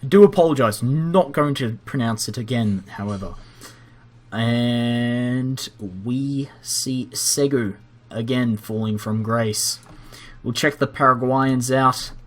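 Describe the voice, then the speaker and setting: A young man commentating a strategy game timeline in a measured, dry and lightly wry way. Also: mid-range voice, fairly even intonation.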